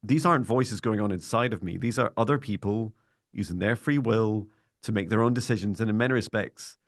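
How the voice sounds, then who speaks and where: A man hosting a podcast in a calm, monotone voice, chatting reflectively and then leading a slow guided meditation. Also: on the low side, no room sound, clean studio sound. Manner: calm, reflective, speaks in slow measured phrases when guiding breathing. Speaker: podcast host.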